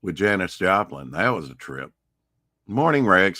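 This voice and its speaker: A man chatting casually on a morning stream in a deep voice, laid-back, humming and crooning now and then. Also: moderate pace, fairly bright tone, dry recording. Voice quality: deep low voice. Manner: laid-back, croons and hums between remarks.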